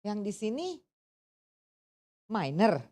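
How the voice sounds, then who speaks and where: Mellow woman tutor. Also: medium pitch, sing-song, slow. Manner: switches between English and Indonesian, keeps quizzing listeners. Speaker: English test tutor. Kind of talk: workshop teaching.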